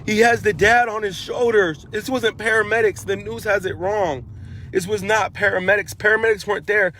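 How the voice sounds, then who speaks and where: Here a man with a high, sharp-toned voice talks at normal speed with fairly even intonation. As an eyewitness, he relives what he saw in an emotional first-person telling, earnest and repetitive, restarting his sentences while the urgency builds.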